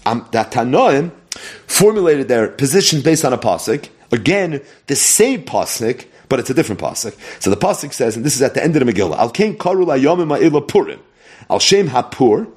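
Animated man teaching Talmud. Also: mid-range voice, a little fast. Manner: animated, mixes Hebrew and Yiddish terms into English. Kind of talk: Talmud lecture.

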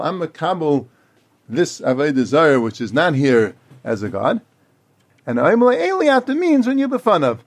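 Animated man teaching a Talmud class. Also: a little high. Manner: animated, acting out quoted speakers. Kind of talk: Talmud lecture.

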